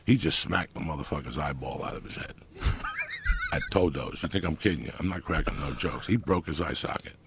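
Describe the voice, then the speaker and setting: A middle-aged man with a very low, gravelly voice spins profane, animated stories in casual podcast talk. His pitch swings widely as he goes, and a faint hiss of noise sits under him. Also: fairly quick. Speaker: guest storyteller.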